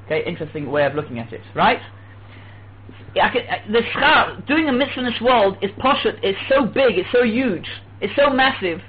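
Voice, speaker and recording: A man teaching a religious lesson, telling stories lively and acting out quoted dialogue. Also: high-pitched. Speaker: Torah teacher. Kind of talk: religious lecture. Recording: tinny phone-like with faint hum.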